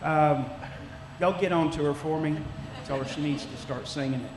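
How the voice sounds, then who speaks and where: A man's voice: a little high, moderate pace. A middle-aged man, preaching a sermon as a church elder in a conversational, folksy way with frequent restarts. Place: church sanctuary. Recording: echoey church room, faint background noise.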